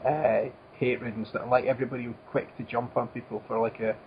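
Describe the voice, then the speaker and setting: A man hosting a casual podcast, chiming in with quiet, laid-back agreement. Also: mid-range voice, little pitch movement, a little fast, lo-fi sound, slight background noise.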